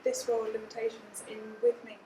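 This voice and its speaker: A woman's voice: on the high side, flat delivery, brisk. Hesitant woman asking from the audience, distant. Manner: hesitant, searching for words. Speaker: audience member asking a question. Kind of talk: audience question at a conference. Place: conference hall. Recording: distant, echoey hall mic with faint noise.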